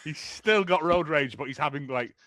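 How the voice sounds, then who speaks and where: A man co-hosting a casual review podcast, joking and laughing through quick asides. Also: fairly high pitch, a bit bright, no echo, clean studio sound.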